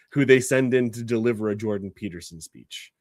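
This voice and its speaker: A man's voice: lowish voice, normal speed, darkish tone, no echo, clean studio sound. A man hosting a podcast in casual chat. He laughs often and restarts his sentences. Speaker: podcast host.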